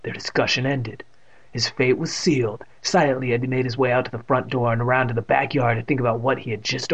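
A man narrating a story in a steady, plain reading voice, adding jokes of his own. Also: mid-range voice, lo-fi sound. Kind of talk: audiobook reading with ad-libbed jokes.

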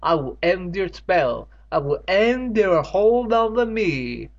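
A man voicing a desperate, enchanted woman in a slow, strained, melodramatic way. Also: high voice, big pitch swings, pitched above the performer's own voice, exaggerated voice. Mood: anguished. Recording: dull lo-fi recording.

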